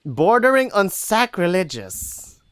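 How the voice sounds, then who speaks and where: A reader voicing a stern, wary female wolf from a wolf tribe, speaking low and measured, in an audiobook reading of a furry fantasy story. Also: very animated, fairly bright tone, clean tone. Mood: grave.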